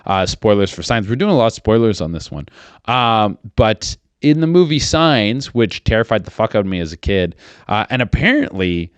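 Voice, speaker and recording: Man, thirties, podcast host, low voice, crude rambling comedy, dry sound. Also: big pitch swings, normal speed, clean tone, no echo. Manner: profane, rambling, many fillers and restarts. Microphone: studio microphone.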